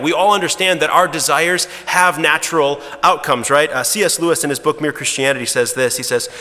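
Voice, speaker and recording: A man preaching a sermon in a relaxed storytelling way, with frequent restarts, who drops to a hushed voice at the emotional moments. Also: fairly high pitch, fairly quick, hardly any pauses. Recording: long reverb of a large hall.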